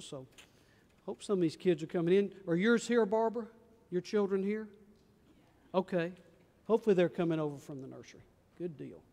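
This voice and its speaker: A man, a pastor gently coaxing small children through a children's message during a church service. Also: sits high. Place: large church sanctuary. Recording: long church reverb.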